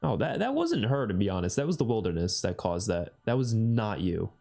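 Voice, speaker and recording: A young man giving casual reaction commentary on a TV episode, excitable and swearing often, his voice jumping high on outbursts. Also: fairly quick, gravelly, soft background music. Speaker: reaction video host.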